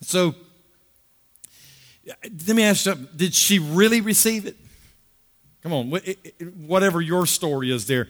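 A man's voice: high-pitched, normal speed, long pauses. A middle-aged male pastor preaching a conversational sermon, repeating words for emphasis and drawing out key phrases. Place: large church hall. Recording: long hall reverb.

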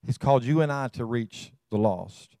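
A man's voice: mid-range voice, normal speed, mellow, no echo. A man, preaching a sermon as pastor. He speaks emphatically, calls out to the congregation and repeats words as he builds his points.

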